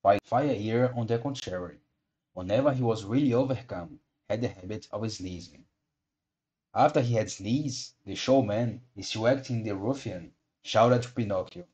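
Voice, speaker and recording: A man narrating a classic storybook aloud in a measured pace, with occasional slips and re-reads. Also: lowish voice, darkish tone, highs cut off. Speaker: audiobook reader.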